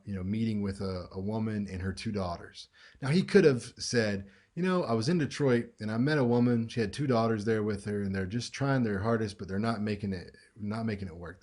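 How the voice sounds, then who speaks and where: A man teaching a recorded class lecture in a conversational way, acting out example lines with lively shifts in tone. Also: fairly low pitch.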